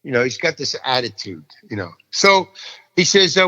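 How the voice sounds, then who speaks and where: A man's voice: mid-range voice, very animated, moderate pace, pushed and bright, big-room sound, muffled recording. An older man telling a story about an audition, acting out the people in it and often repeating himself. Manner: restless, repeats himself, acts out each person in the story. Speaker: actor telling an anecdote. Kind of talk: animated storytelling.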